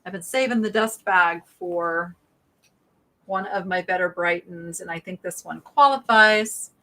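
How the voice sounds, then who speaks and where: A woman's voice: lowish voice, measured pace, pushed and bright. A middle-aged woman hosting a live online sale in a chatty, rambling way, thinking aloud as she shows items. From American South. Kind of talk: casual live selling chat.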